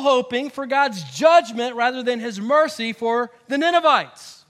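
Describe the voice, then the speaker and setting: A male pastor preaching an animated sermon, swinging from loud emphasis to hushed asides. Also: very high-pitched, a little slow.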